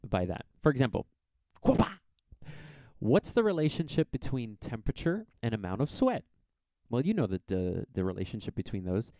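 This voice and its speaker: A man's voice: medium pitch, dark tone, dry recording. A man teaching a science exam review lesson, explaining graphs in a chatty, informal way with little asides.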